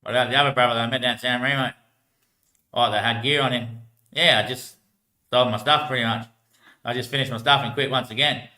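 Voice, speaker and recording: An Australian man rambling through casual stories about life on the streets, laughing often and trailing off quietly at the ends of his lines. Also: medium pitch, steady tone, a little fast, pauses often, echoey room. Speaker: homeless man telling stories.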